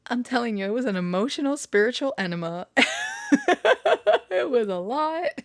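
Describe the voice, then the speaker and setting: A woman's voice: on the high side, lively intonation, fast, no room sound. A woman vlogger chatting casually close to the mic, laughing often, rambling and apologetic. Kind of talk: casual chat.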